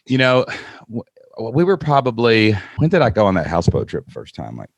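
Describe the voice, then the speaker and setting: Animated man hosting a podcast. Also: medium pitch, a little fast, vocal fry, dry recording, muffled recording. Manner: animated storyteller, acts out quotes. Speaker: podcast host. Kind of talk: casual chat.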